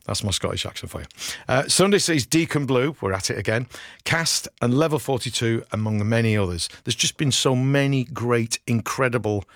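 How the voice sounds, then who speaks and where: A man's voice: mid-range voice, moderate pace, dry recording. A man presenting a rock radio show, chatting enthusiastically and self-deprecatingly with fillers, at a studio microphone. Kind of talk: casual radio DJ chat.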